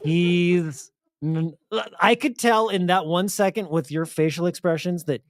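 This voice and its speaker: A man's voice: high voice, a little slow, dry recording, studio quality. A man co-hosting a radio show, telling a story in casual chat and acting out the quotes. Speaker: radio co-host.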